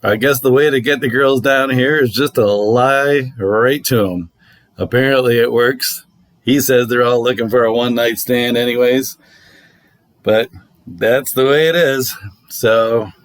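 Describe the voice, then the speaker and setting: A middle-aged man spinning a dating story in a relaxed, wry tone, with plenty of fillers. His voice sits at an ordinary pitch for a man. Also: unhurried. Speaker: vlog host. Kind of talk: casual storytelling.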